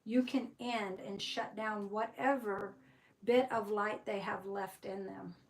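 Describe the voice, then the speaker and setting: A woman's voice: medium pitch, steady tone, slow, far from the mic, low-quality recording. A woman giving a tarot reading, rambling with many fillers and restarts. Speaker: tarot reader.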